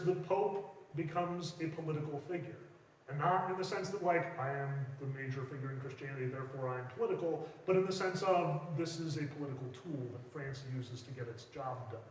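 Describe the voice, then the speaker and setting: A man with a fairly high voice teaches church history in a loose, chatty way, tossing in quick acted-out asides. He sounds distant from the mic in a big echoing hall with a long ring of reverb. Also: slight background noise. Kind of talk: casual history lecture. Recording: echoey hall, mic far off.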